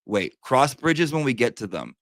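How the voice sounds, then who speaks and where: A man hosting a casual livestream chat, talking in a chatty, profane way with big swings in pitch. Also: big pitch swings, normal speed, a bit bright, no echo, clean studio sound. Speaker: livestream host.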